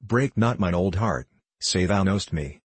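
A man's voice: deep voice, lively intonation, breathy edge, no room sound, exaggerated voice. A man voicing an aging, stern king who speaks tenderly in archaic courtly English. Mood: gentle, coaxing. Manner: archaic courtly speech, gentle and slow. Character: dread old king, stern yet tender.

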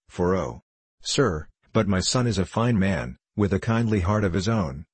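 Quavering old peasant woman as a man reads her, frail, weary, husky and low, storybook. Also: no echo.

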